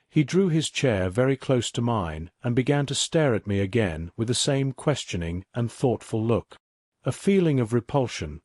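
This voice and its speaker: A man narrating a sleep-story audiobook in a calm, measured way. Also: mid-range voice, dry recording, clean studio sound.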